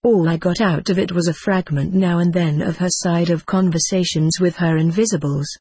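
A narrator reading a first-person memoir aloud in a steady, unhurried audiobook style. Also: mid-range voice, breathy edge, dry recording.

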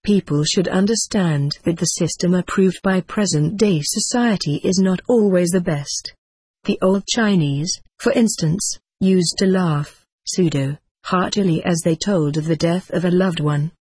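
An older man reading his own book aloud in a measured, wry, dry-humoured way. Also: high-pitched, a little mellow, husky, no room sound. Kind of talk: audiobook narration.

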